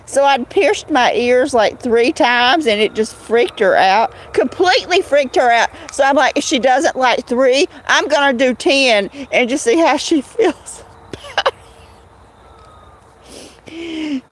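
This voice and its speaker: A middle-aged woman talks in an unhurried drawl with a fairly high voice. She hosts a casual livestream from her home in the woods and greets her viewers one by one. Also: lively intonation, a little hiss or hum. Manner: chatty, drawling, answers chat by name. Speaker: livestream host.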